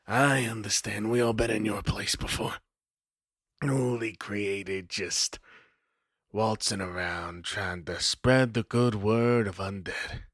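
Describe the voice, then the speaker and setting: A man's voice: fairly low pitch, slow, a bit bright, no echo, clean studio sound. A man voicing a scrawny, androgynous punk vampire who talks in slangy, drawling threats and sometimes sinks into a whisper. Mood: warning. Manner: slangy, drawling tough talk.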